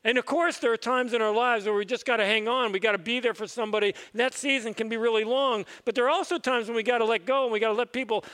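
A man's voice: very high voice, fairly even intonation, fast talker, hardly any pauses, a bit bright, clean tone, long reverb tail. A man, a pastor, telling a parable in a conversational, reflective sermon in church. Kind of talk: sermon storytelling.

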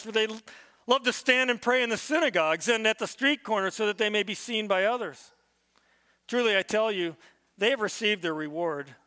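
In a large, reverberant room, a pastor with a high, sharp voice preaches a sermon. He reads a scripture passage aloud, then teaches on it earnestly, often repeating a word as he restarts.

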